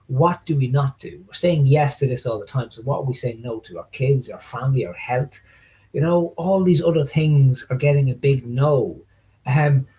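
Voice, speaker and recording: A man's voice: mid-range voice, low-quality recording. A middle-aged man, a guest in a casual conversation, telling stories animatedly and acting out what people said. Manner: animated storyteller acting out quotes. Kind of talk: casual video-call conversation.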